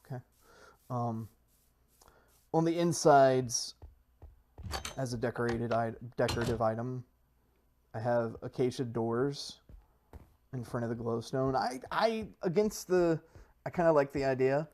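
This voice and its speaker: A man's voice: a little slow, pauses often, darkish tone, slight background noise. A man giving playful gameplay commentary, rambling and self-mocking as he hypes his plans like a salesman. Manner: mock sales-pitch hype, rambling with restarts. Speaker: Minecraft server player and video creator.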